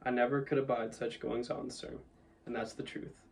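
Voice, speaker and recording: A man voicing a humble, deferential male cabman of country stock who talks slowly and plainly, somewhat far from the mic. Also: mid-range voice, flat delivery, darkish tone, lightly acted.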